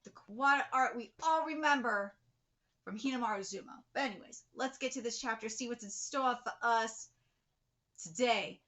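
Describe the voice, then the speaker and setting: A woman hosting a live manga reaction, excitable and breaking into shouting outbursts. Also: fairly high pitch, moderate pace. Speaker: host.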